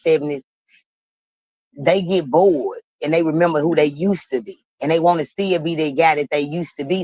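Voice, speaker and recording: A woman hosting a livestream, telling a story in an animated, blunt and profane way and laughing as she talks. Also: low voice, dry recording, rough recording. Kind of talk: casual storytelling.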